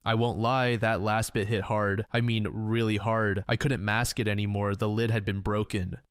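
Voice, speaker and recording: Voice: man, lowish pitch. Style: first-person story narration. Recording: dry, close mic. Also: flat delivery, moderate pace, smooth, dry recording.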